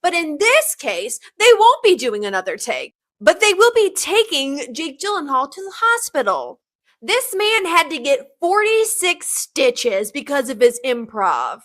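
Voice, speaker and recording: A woman's voice: sits high, big pitch swings, measured pace, a bit bright. A woman narrating movie trivia in a short video, with wry, teasing questions and answers.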